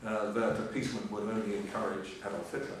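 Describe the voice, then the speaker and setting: A man's voice: fairly low pitch, level tone, quick pace. An older man giving a history lecture, full of ums and uhs, with dry humour. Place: lecture hall. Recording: echoey hall, voice from far off, faint hiss.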